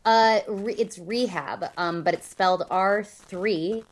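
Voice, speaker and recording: A young woman co-hosting a casual podcast chat, relaxed and agreeable, with many fillers. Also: medium pitch, slow. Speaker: podcast co-host.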